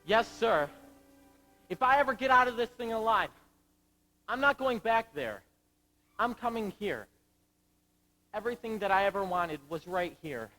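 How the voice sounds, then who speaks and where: A man's voice: high-pitched, animated, measured pace, pauses often, bright, forceful tone, soft background music, exaggerated voice, low-quality recording. A teenage boy acting and singing as a troubled young Marine lieutenant in a school musical on stage. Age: late teens. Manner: anguished, searching, sung ballad. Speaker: student actor in a school musical.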